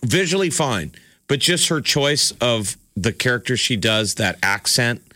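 A man's voice: medium pitch, very animated, a little slow, pushed and bright, dry recording. A man co-hosting a morning radio show in casual, playful banter. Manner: joking, playful, does goofy voices.

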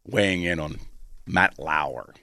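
A man's voice: deep voice, takes it slowly, pushed and bright, dry recording, clean studio sound. A man hosting a radio talk show, bantering loosely and laughing often.

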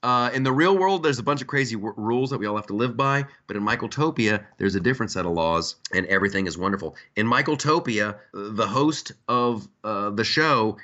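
A man's voice: on the low side, fairly quick, hardly any pauses, dull audio. A man hosting a podcast, joking and ranting in casual political chat. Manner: joking, ranting, animated asides. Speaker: podcast host.

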